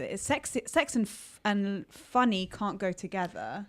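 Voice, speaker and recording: Woman on a film podcast, lively and chatty, lots of restarts. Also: medium pitch, moderate pace. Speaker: podcast co-host. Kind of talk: casual film chat.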